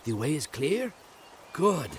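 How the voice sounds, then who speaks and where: A man's voice: on the high side, sing-song, takes it slowly. An actor playing a weary male villager in a video game who gives the player a reward, speaking in a subdued, tired voice. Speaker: game character.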